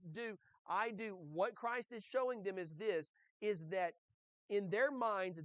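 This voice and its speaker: A male pastor delivers a sermon in a fairly high voice, talking conversationally and peppering it with "okay?" and rhetorical questions. The sound is dry and close, with hardly any room echo. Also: a bit bright, clear, resonant tone. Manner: conversational preaching with frequent "okay?" check-ins and rhetorical questions. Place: church.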